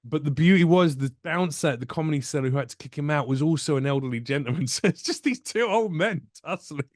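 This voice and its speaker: A man's voice: a little high, quick pace, no echo, studio quality. A man from the UK, a comedian telling jokey stories in a casual chat and acting out the people in them. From United Kingdom. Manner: animated, jokey, acts out voices in his stories. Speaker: comedian guest.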